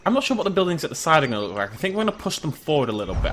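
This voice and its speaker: A man giving excitable, chatty gameplay commentary and talking to the animals on screen. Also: medium pitch, rapid-fire, few pauses, a little hiss or hum. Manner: excitable, chatty, talks to the creatures. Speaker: gaming YouTuber. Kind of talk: game commentary.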